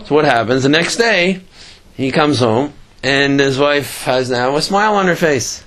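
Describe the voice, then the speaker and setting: A man teaching a religious lesson by telling a story, halting often, repeating words and restarting his sentences. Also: medium pitch, lively intonation, a bit bright, a little hiss or hum.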